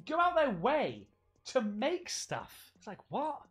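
A man's voice: extremely high pitch, huge pitch swings, slow pace, fairly bright tone, breathy edge, soft background music. A man from England chatting casually on a livestream while opening fan gifts, swearing freely and laughing often.

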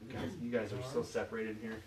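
A man from Michigan preaching an informal sermon as pastor, chatty and full of "you know"s, pausing to ask the congregation questions. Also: fairly low pitch, little pitch movement, crowd noise. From Michigan, USA. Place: church sanctuary. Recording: echoey church, voice from far off.

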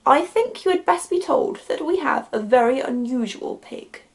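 Woman reading as a solemn awed farmer guy, hushed and insistent, storybook, slightly gravelly. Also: high-pitched, animated, normal speed. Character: middle-aged male farmer, earnest and awed.

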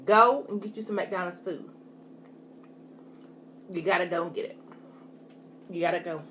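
A woman's voice: on the low side, a little slow, a bit bright, slight background noise. A woman talking casually to her viewers while eating on camera, chatty and folksy, often saying "y'all". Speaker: food vlogger. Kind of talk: casual mukbang chat to camera.

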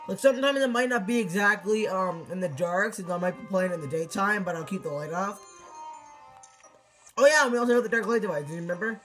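A high-pitched teenage boy talks through a game in loose, casual commentary, tripping over his words and breaking into sudden exclamations. Faint game music plays softly behind him. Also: a little fast, low-quality recording. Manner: excitable, rambling, frequent restarts and exclamations. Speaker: gameplay commentator.

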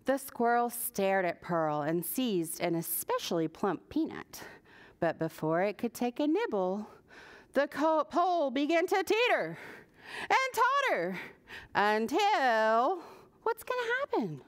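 A woman librarian reading a picture book aloud at preschool story time, animated and asking the children questions. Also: a little high, slow pace.

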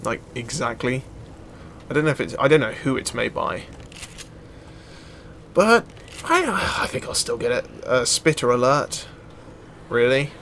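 A man giving casual let's play commentary as a gaming YouTuber, chatty and excitable, exclaiming at enemies and laughing. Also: mid-range voice, unhurried, long pauses, a little hiss or hum.

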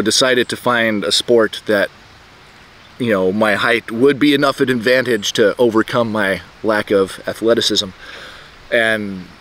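Middle-aged man, casual self-told story, halting delivery full of restarts, mid-pitched voice, outdoors. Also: fairly bright tone. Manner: rambling, halting, many restarts and fillers. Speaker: vlogger telling a personal story. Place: outdoors, birds nearby.

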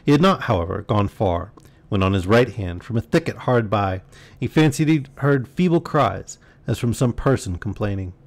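A man reading a classic novel aloud as a bedtime story on a live stream, calm and measured. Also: lowish voice. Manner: calm, measured reading with brief asides to chat.

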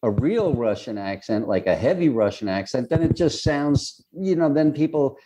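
A man, a screenwriter and director, answering interview questions in a thoughtful, reflective way, often pausing with "you know". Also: mid-range voice, animated, mellow, poor audio.

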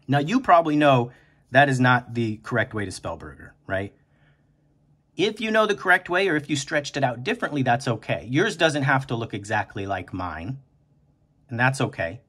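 Husky-voiced man as a gentle kindergarten writing teacher who stretches out every word. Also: medium pitch. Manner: slow, encouraging, stretches out words aloud. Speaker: teacher and podcast host.

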